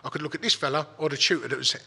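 A man's voice: fairly high pitch, rapid-fire, creaky, sharp tone, breathy edge, long reverb tail. Sweary man telling a rambling story. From England. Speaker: guest. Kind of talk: casual storytelling.

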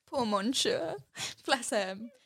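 A woman co-hosting a casual film podcast, with a voice sitting a little above the usual female pitch. She is chatty and affectionate, often breaking into giggles between remarks. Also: lively intonation, takes it slowly, vocal fry, a bit bright, husky, dry recording, clean studio sound. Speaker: podcast co-host. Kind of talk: casual film review chat.

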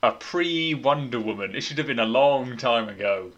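A man's voice: mid-range voice, lively intonation, moderate pace, fairly bright tone, dull audio. A man hosting a casual movie review podcast, wry and opinionated as he leads the talk. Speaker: podcast host.

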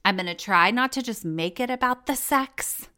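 A woman hosting a casual podcast, her voice hoarse and cracking in and out, chatty and joking, with free swearing. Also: a little high, normal speed, sharp tone. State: hoarse, voice going in and out. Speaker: podcast host.

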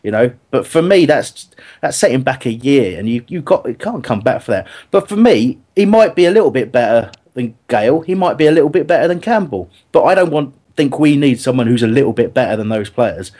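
Brief: male podcast host, mid pitch, heated football debate, restarts a lot. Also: fairly quick. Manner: animated, argumentative, lots of restarts. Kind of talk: casual chat.

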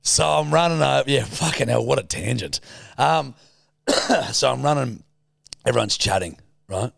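Young Aussie male co-host, gravelly, animated, sweary, dry close mic. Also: medium pitch, measured pace, no echo. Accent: Australian. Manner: swearing, rambling storyteller. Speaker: podcast co-host. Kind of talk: casual banter.

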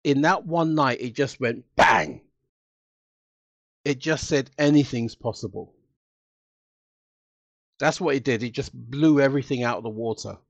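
A man as a guest in a casual interview, telling stories in an animated, emotional way and acting out what people said. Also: medium pitch, normal speed, vocal fry, long pauses, dry recording, muffled recording. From United Kingdom. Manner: animated, emotional storytelling with acted-out quotes.

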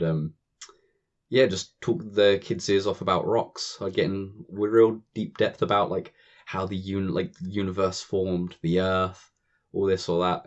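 A man's voice: deep voice, a little mellow. A British man, a podcast guest, telling rambling, chatty camp stories. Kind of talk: casual chat. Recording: dull lo-fi audio.

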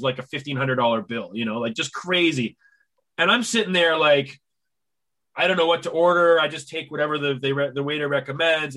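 A man hosting a podcast, chatting casually, telling stories in an animated way and stammering as he starts sentences. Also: on the high side. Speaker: podcast host. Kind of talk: casual conversation.

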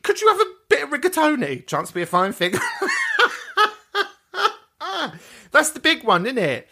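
A man's voice: sits high, pushed and bright. A man hosting a podcast, replying to listener messages with crude, camp, theatrical chat. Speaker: podcast host.

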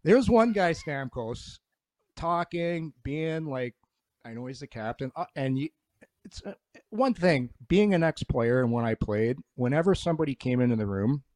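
A man's voice: mid-range voice, expressive, moderate pace, a little mellow, no room sound. Ex-player broadcaster, man, rambling anecdotes with restarts, dry close sound. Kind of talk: casual chat, storytelling.

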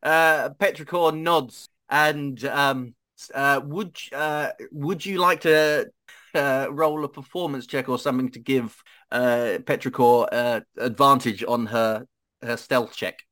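Game master narrating a tabletop game. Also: male voice, medium pitch, steady tone, slow, bright, forceful tone. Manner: hesitant, filler-heavy narration.

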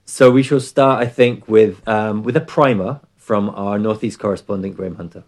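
A man's voice: fairly low pitch, normal speed, a little mellow. A man hosting a football podcast, introducing guests in a playful, mock-formal way. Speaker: podcast host. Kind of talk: casual podcast chat.

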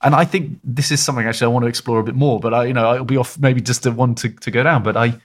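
A man hosting a podcast interview, talking in a rambling, expressive way with many restarts. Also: mid-range voice, rapid-fire, slight background noise. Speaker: podcast host. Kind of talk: casual podcast conversation.

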